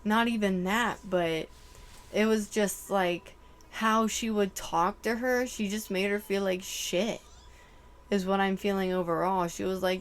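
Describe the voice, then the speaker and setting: A woman tarot reader giving a channeled reading, emotional and halting, full of "like" fillers. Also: medium pitch, steady tone.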